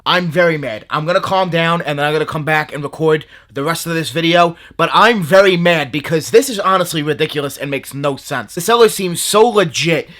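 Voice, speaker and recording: Bright-voiced young man ranting to camera. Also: on the high side. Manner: angry ranting, repeating himself. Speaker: sneaker vlogger. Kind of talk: casual vlog to camera.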